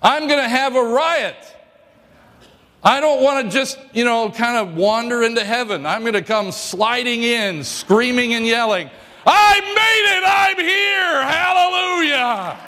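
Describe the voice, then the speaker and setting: A male pastor giving a sermon in a church, joking and telling stories in a lively way. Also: very high-pitched, measured pace, long reverb tail.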